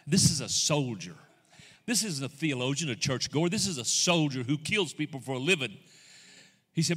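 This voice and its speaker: A male guest preacher with a slightly high, bright and forceful voice. He drops to soft, drawn-out asides, then climbs into loud, rising exhortation, voicing the figures he quotes in his own voice. His words ring out with the long reverb of a church hall. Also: lively intonation. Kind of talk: sermon.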